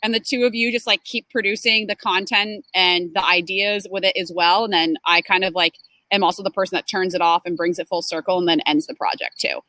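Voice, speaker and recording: Woman in her twenties, chatty, slightly low voice, bright tone, dry sound. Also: steady tone, fairly quick, dry recording, rough recording. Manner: chatty, laughs often, lots of fillers like um and like. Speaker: creative and design manager, interviewee. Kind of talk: casual interview.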